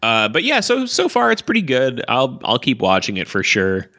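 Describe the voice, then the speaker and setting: A man's voice: medium pitch, wildly swooping pitch, moderate pace, sharp tone, dry recording, clean studio sound. A young man chatting casually on a podcast, rambling, laughing often and swearing freely. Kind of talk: casual chat.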